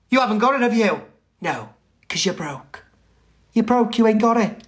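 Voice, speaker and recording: A man's voice: sing-song, moderate pace. Theatrical man live streaming. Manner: teasing and theatrical, swinging between shouts and low mutters. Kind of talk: live stream chat reading. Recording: echoey room with faint music.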